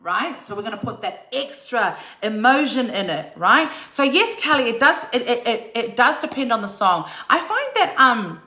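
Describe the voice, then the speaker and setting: A woman's voice: on the high side, big pitch swings, moderate pace, few pauses, bright, forceful tone, reverberant. A woman giving a live online singing lesson in an upbeat way, often checking in with her listeners. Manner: upbeat, checks in with "okay?" and "right?". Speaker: singing teacher.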